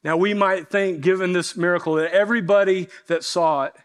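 High-voiced preacher man, earnest and deliberate. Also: fairly even intonation, clear, resonant tone. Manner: earnest storytelling preacher, slows for emphasis. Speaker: pastor. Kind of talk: sermon.

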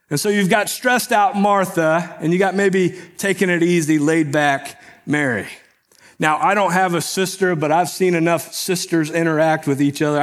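A pastor, conversational and animated. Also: male voice, fairly high pitch. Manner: conversational, often asks "right?" to the congregation. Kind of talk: sermon.

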